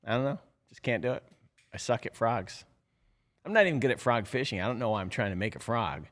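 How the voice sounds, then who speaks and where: A man's voice: mid-range voice, lively intonation, a little fast, a bit bright. A middle-aged man hosting a live show, talking casually in a rambling, chatty way full of fillers. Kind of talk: casual live-stream talk.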